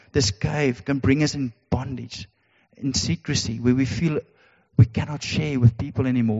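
A man's voice: mid-range voice, vocal fry, a little mellow. A man preaching a sermon, earnest and repetitive, with emphatic rhetorical questions. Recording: dull sound in a reverberant hall.

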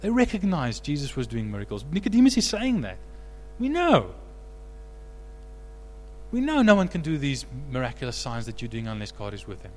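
A man preaching a sermon as pastor, animated, rising to loud emphatic peaks. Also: medium pitch, normal speed, long reverb tail.

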